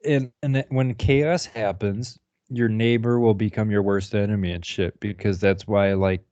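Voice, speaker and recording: A man with a fairly low voice rambles through a podcast chat, swearing freely and laughing at his own points. The sound is dry and dull, like a cheap lo-fi recording with no room to it. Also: fairly even intonation, normal speed, darkish tone, no echo. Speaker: podcast co-host. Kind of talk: casual profane chat.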